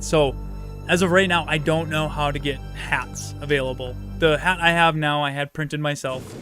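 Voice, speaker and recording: A man's voice: fairly high pitch, a bit bright. A man hosting a live game stream, chatting casually and rambling with offhand swearing. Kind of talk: casual live-stream chat while gaming.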